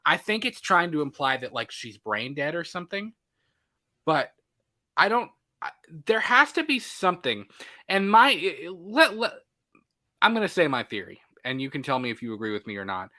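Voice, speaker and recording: Male podcast co-host, fairly high voice, animated casual review chat. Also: moderate pace. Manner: animated, excitable, acts out reactions.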